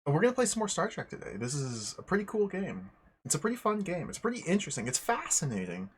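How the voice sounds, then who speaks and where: Young male streamer with a slightly husky voice; loose, meandering chat that often corrects itself. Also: on the high side, wildly swooping pitch, fast. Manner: rambling, self-correcting, greets viewers one by one. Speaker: livestream host. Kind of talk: casual livestream chat.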